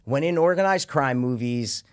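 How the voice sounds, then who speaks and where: A man in casual talk about a film he just saw, his voice sitting mid-range. He is relaxed and sweary, and he drifts into acted-out lines. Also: medium pitch, normal speed. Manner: swearing, laid-back, acts out scenes with loud mimicked lines. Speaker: podcast co-host. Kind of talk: casual film review chat.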